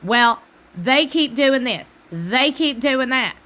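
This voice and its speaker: A woman's voice: sits high, expressive, takes it slowly, sharp tone. Sassy Southern woman recapping TV. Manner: sassy, talks back to the screen, preacher-like asides. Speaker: TV recap host. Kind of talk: casual reality-TV recap commentary.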